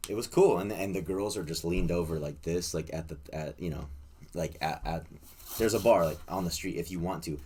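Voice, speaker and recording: A man's voice: deep voice, fairly quick, warm tone, slight background noise. A young man in casual podcast chat, telling a rowdy story with swearing and laughter. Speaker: guest. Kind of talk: casual storytelling among friends.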